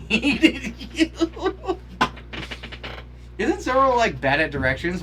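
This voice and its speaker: A man with a fairly high, bright, forceful voice reads his irreverent reactions on a podcast. His delivery swings widely in pitch. He is sarcastic and curses casually, with sudden outbursts of mock outrage. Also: a little hiss or hum. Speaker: podcast co-host. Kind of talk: reading out humorous episode reactions. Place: podcast studio.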